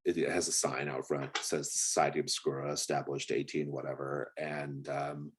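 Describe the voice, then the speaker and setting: A man with a very low, husky voice runs a tabletop game as game master. He rambles, hesitates, and fills gaps with ums. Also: flat delivery, normal speed. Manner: rambling, hesitant, many fillers.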